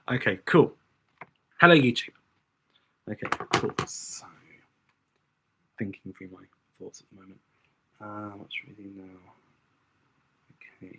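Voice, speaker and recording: Gravelly man chatting live. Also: fairly low pitch, measured pace, long pauses, background noise. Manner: chatty, thinking aloud and talking to viewers. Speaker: drag queen doing makeup on a livestream. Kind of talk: casual livestream chat while doing makeup.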